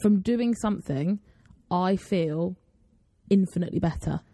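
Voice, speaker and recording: Gravelly, dark-voiced young woman chatting. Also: on the low side, a little slow, no echo, studio quality. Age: 20s. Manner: chatty storyteller, laughs often. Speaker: podcast co-host. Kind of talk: casual chat.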